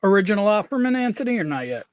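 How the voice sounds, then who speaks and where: A man with a higher-pitched voice talks on a casual live stream over a video call. His tone is plain and practical, and he often asks questions. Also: big pitch swings, racing, no room sound, clean studio sound. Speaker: stream guest. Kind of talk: casual chat over whiskey tasting.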